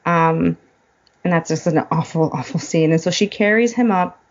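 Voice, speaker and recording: A woman's voice: on the low side, moderate pace, highs cut off. A woman guest in a casual chat, retelling a film plot and getting choked up as she goes. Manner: emotional, choked up while retelling. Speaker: podcast guest.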